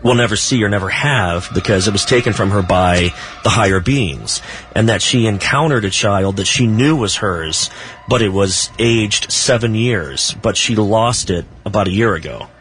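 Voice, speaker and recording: A man who writes about the paranormal, talking as a guest in a casual radio interview, telling stories slowly with small laughs. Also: on the low side, fairly bright tone, a little hiss or hum. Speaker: paranormal author and researcher, guest.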